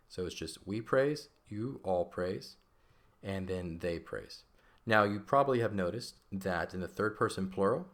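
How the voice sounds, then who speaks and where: A man teaching a grammar lesson over a shared screen, relaxed and conversational, often checking in with "right?". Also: low-pitched. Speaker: Latin teacher.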